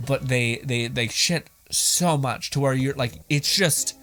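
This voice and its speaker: A man's voice: medium pitch, a little slow, fairly bright tone, faint music behind. A young man hosting, giving casual, rambling reaction commentary with frequent laughter and plenty of swearing. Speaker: host reacting to videos.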